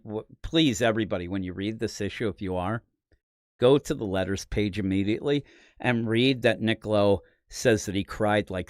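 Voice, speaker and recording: In a dry, studio-quality recording, a man with a fairly low voice previews the week's comics on his podcast. He's from the Philadelphia area, USA, and his casual commentary is rambling and opinionated, with animated asides.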